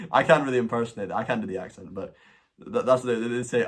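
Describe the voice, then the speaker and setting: A man's voice: medium pitch, expressive, a little fast. A man with a Scottish accent hosting a casual livestream Q&A, rambling with many restarts and some swearing. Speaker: livestream host answering questions. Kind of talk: casual chat.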